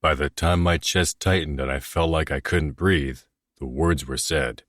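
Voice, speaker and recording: A man narrates a first-person romance audiobook in a very deep voice. He sounds brooding and self-critical, with a dry, close studio sound. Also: a little slow, fairly bright tone, no room sound.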